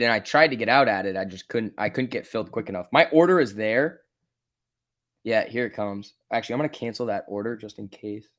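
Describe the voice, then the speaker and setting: A man hosting a live stock trading stream, reading chat questions aloud and muttering about charts, then bursting out excitedly when prices move. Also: on the low side. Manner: casual, swings from mutters to excited outbursts. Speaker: stock trading livestream host.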